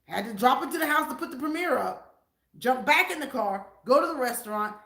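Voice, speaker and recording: Animated older Southern woman, echoey room. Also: sits high, a little fast. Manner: animated, preachy. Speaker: vlogger. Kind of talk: casual live-stream chat.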